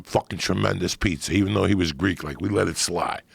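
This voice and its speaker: A middle-aged man telling profane stories in a casual chat, getting animated as he goes. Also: low voice, a little fast, vocal fry, slightly rough, no room sound.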